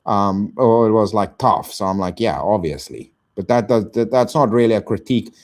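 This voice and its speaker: Low-voiced, slangy man streaming live. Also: fairly even intonation, fairly quick. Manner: slangy, swears, thanks chat donors. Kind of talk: casual live-stream chat.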